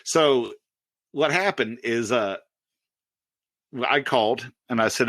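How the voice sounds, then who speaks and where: A man's voice: slow pace, pauses often, no echo. A man in his late forties, a podcast co-host telling a work story in a casual way, laughing often. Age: 40s. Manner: animated storyteller, pitches up for quoted outbursts, laughs often.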